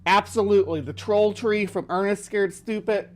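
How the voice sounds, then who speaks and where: Rambling host with a fairly high voice. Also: male voice, normal speed, a little hiss or hum. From lower Midwest of the US. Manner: rambling, many fillers and restarts. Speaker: livestream host. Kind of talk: casual livestream commentary.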